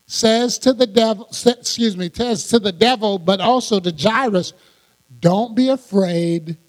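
A man preaching a sermon as pastor, animated and laughing often as he acts out quoted lines. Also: sits high, normal speed. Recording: long hall reverb.

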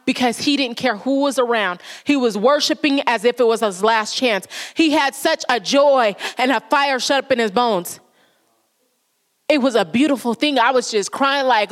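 A woman giving a sermon in church, speaking emphatically, repeating key lines and acting out quoted prayers and conversations. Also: high-pitched. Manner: repetitive, emphatic preaching with acted quotes.

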